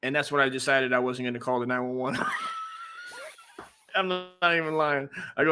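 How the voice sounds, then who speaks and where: A middle-aged man casually telling a crude, animated story as a podcast co-host. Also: fairly high pitch, a little slow, noisy background.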